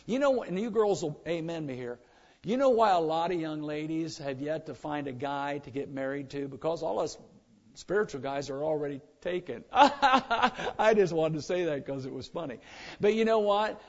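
A man preaching a sermon, animated and joking, now and then mimicking complainers. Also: a little high, moderate pace, muffled recording. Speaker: pastor.

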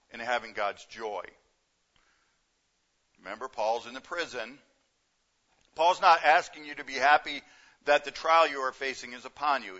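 Bright-voiced preacher man, lo-fi. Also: mid-range voice. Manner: conversational preaching with repeated phrases. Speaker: pastor. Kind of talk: sermon.

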